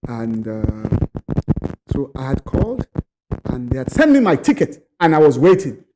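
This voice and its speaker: A man from Nigeria, a podcast guest telling a personal story in a lively way, acting out other people's voices and sometimes repeating words. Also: mid-range voice, moderate pace, very noisy.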